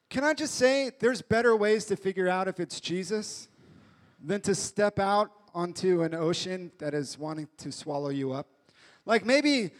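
A man preaching a casual, jokey sermon, retelling a story in a lively way with acted-out voices. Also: high-pitched, unhurried.

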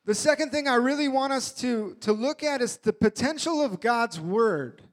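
A man with a strikingly high voice preaches in a relaxed, conversational way. He retells a story with humor and slips into quick acted-out voices as he goes. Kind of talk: casual storytelling sermon.

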